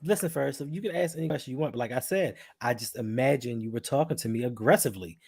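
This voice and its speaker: A man co-hosting a sports podcast, talking football in an animated, argumentative way. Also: medium pitch, quick pace, creaky, crowd noise. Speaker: podcast co-host. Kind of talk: casual sports talk.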